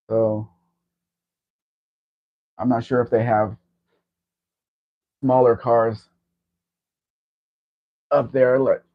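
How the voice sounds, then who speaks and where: A man hosting a casual livestream chat, talking in a rambling, chatty way. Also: mid-range voice. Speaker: livestream host. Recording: dull lo-fi stream audio.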